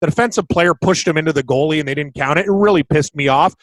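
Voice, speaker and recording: An excitable man co-hosts a sports betting podcast, loose and blunt, with casual swearing. His voice sits a little high. The sound is dry and close, with no room around it. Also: fast talker, no room sound, rough recording. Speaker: podcast co-host, betting analyst.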